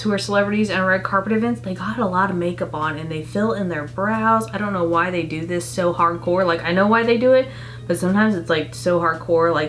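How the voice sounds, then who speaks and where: A young woman vlogging a makeup tutorial in a casual, chatty and self-mocking way, full of quick asides. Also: fairly low pitch.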